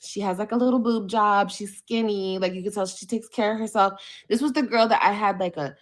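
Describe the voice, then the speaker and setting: A woman from California, hosting a livestream podcast and telling a story in a casual, animated, profane way. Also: mid-range voice, brisk. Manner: animated, profane, switches voices when quoting others. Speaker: podcast host.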